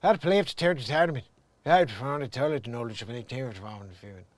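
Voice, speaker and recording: Dude imitating a mumbly irish film rogue, slurred thick brogue, dry close voice. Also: male voice, mid-range voice, animated, quick pace, dry recording, natural voice. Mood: mumbling. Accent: mock Irish. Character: mumbling Irish traveler from a crime film, man.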